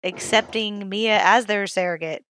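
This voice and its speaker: A woman's voice: mid-range voice, fairly even intonation, moderate pace, fairly bright tone. A woman co-hosting a podcast, casually talking through a TV episode and building her points step by step. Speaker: podcast co-host. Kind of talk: casual chat about a TV episode.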